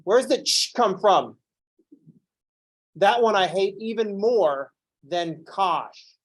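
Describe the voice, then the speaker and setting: Animated man giving a calculus lecture. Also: high-pitched, slow pace. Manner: animated, playfully ranting. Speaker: calculus instructor. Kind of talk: classroom lecture.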